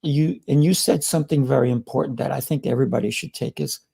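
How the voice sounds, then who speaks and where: A man's voice: medium pitch, fast, gravelly, mellow, breathy edge. A male host in an interview, encouraging his guest and often repeating words as he starts a sentence. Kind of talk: interview conversation.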